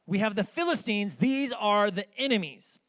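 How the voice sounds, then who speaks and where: A man's voice: high-pitched, animated, moderate pace, a bit bright. A male pastor in his thirties preaching a storytelling sermon in church, chatting directly with the congregation. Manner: conversational, addresses congregation directly. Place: church sanctuary.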